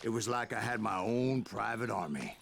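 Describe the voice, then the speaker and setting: A gravelly old cowboy narrator. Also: male voice, lowish voice, moderate pace, fairly bright tone, slight background noise. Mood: grim. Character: gruff older male cowboy bounty hunter narrating. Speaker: game narrator.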